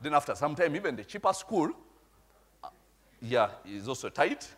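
Husky preacher with a lively voice. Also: male voice, on the high side, moderate pace. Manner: storytelling preacher, asks the congregation "eh?". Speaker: pastor. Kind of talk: sermon.

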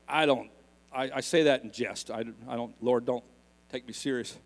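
A man preaching a sermon in a church, moving between hushed personal stories and impassioned shouted appeals. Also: medium pitch, steady tone, normal speed, vocal fry, long reverb tail.

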